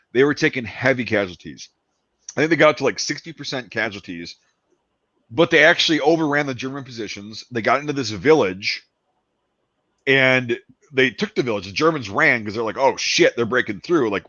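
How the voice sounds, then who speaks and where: A man rattles off a story in casual chat, full of asides and lively put-on quotes. His voice sits at a middling pitch. The recording is dry and somewhat muffled. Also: normal speed, no echo. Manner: excited storyteller, acts out quoted soldiers, swears. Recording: dull lo-fi dry sound.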